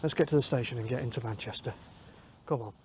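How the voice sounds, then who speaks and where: A man's voice: mid-range voice, fast talker, a little hiss or hum. A man vlogging while out and about, chatting casually about a football trip and thinking aloud with ums, recorded on a handheld camera mic outdoors. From North West England. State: a bit out of breath while walking. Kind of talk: casual vlog chat. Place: outdoors, walking to a station.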